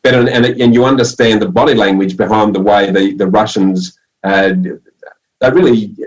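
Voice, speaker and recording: A man's voice: fairly low pitch, normal speed, low-quality recording. A man hosting a podcast, asking a question enthusiastically and repeating words as he goes. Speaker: podcast host. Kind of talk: interview question.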